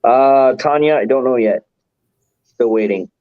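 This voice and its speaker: A man hosts a relaxed livestream chat, rambling and chuckling often at a measured pace in a medium-pitched voice. The recording is dry, while the stream audio sounds dull and muffled.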